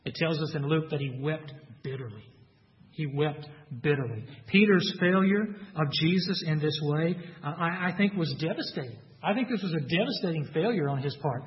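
A man's voice: fairly high pitch, normal speed, big-room sound, dull audio. A man with a Texas accent preaching a sermon, earnest, acting out quoted lines with rising emphasis. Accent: Texan. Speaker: pastor.

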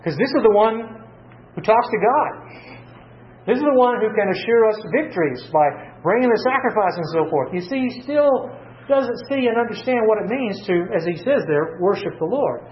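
A man delivers a sermon in a high voice, stopping to ask his listeners questions and then answering them. The recording is dull and lo-fi, with faint ambient noise behind him. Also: lively intonation, normal speed. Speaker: pastor.

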